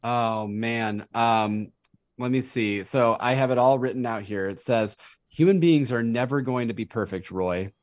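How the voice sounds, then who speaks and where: A podcast co-host chats casually about a TV episode, his medium-pitched voice keeping a measured pace. He enthusiastically reads his favorite quotes aloud, performing them in animated voices.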